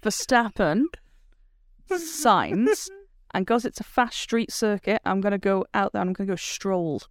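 A woman's voice: medium pitch, expressive, unhurried, no echo. Wry woman co-host, dry sound. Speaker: podcast co-host. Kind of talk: casual chat.

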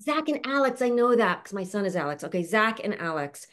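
A woman's voice: mid-range voice, sing-song, brisk, fairly bright tone. A woman hosting an online panel over a video call, introducing guests in a chatty, affectionate way and laughing often. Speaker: show host introducing a panel. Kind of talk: casual chat.

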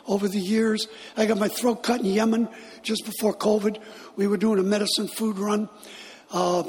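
A middle-aged man, a guest speaker, telling stories in a lively sermon and laughing as he goes. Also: high-pitched. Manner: animated, laughing as he tells it. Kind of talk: storytelling sermon. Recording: long hall reverb.

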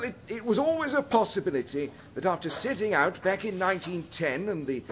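A man's voice: sits high, slight background noise. A man playing a pompous, easily offended polar expedition captain in a comic history sketch. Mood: indignant. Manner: indignant, stiff-upper-lip bluster.

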